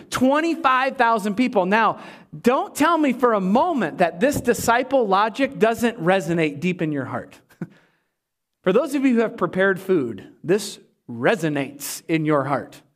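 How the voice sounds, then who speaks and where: A pastor delivering a sermon, emphatic and animated, with humorous asides to the congregation. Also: male voice, high-pitched.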